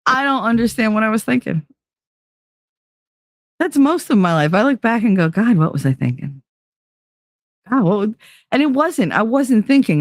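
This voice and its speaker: A woman's voice: fairly high pitch, no echo, clean studio sound. A middle-aged woman hosting a podcast, telling a story in a blunt, profane, casual way and acting out both sides of each conversation. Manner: blunt, profane, quick to swear; acts out both sides of conversations in shifting voices. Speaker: podcast host.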